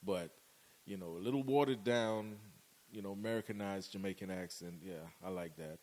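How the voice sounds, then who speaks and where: A Bahamian man co-hosting a podcast in casual chat, animated and slangy, laughing often. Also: low-pitched, moderate pace. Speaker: podcast co-host.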